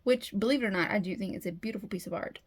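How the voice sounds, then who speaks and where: Talking rapid-fire in a mid-range, slightly rough voice, a woman chats and thinks aloud over poor audio as she works on resin at home. It's a casual vlog, and she frequently stops mid-sentence.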